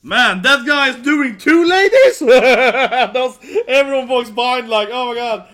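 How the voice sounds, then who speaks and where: A man chatters through a live reaction, laughing and exclaiming as he goes. His voice sits high, and its tone is very bright and sharp. He keeps tagging his remarks with quick questions to the listener. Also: expressive. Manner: laughs often, exclaims, tags lines with "right?" and "man". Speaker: reaction video host. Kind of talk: excited live reaction commentary.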